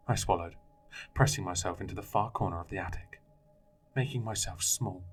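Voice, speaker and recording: Deep-voiced man narrating horror. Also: fairly quick, husky. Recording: faint music bed.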